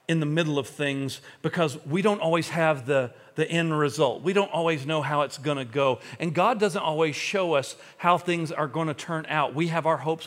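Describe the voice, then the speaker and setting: Earnest preacher man, slightly high voice. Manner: earnest, swings between hushed confession and fervent emphasis. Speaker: pastor. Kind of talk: sermon.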